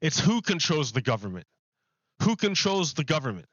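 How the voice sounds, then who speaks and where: Bright-voiced man rambling on a stream. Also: on the high side, big pitch swings, moderate pace, dry recording, dull audio. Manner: rambling, repeats and restarts phrases while building an argument. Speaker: livestreamer. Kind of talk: casual live-stream talk to chat.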